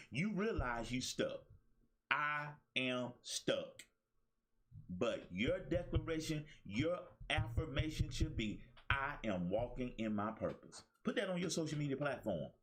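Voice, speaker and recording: A man hosting his own motivational talk show, preaching to listeners with repeated phrases. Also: medium pitch. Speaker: life coach and show host.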